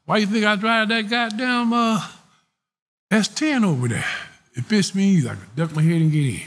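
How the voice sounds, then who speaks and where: A middle-aged man, telling a story as an interview guest, animated and profane, laughing often. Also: high-pitched, moderate pace. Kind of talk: casual storytelling.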